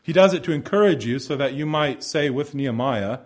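A man preaching a sermon, explaining scripture in an earnest, emphatic way that rises for stress and drops soft at the close of phrases. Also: medium pitch, expressive, fairly quick. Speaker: pastor.

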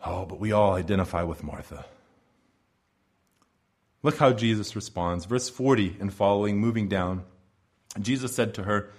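A pastor preaching a sermon expressively, moving between soft hushed lines and loud proclamations. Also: male voice, medium pitch, big pitch swings, moderate pace.

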